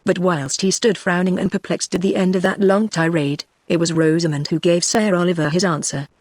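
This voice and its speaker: A text-to-speech voice with a woman's sound and a British English accent, giving scripted narration of a novel in an even, machine-made reading. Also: lowish voice, fairly quick, no room sound.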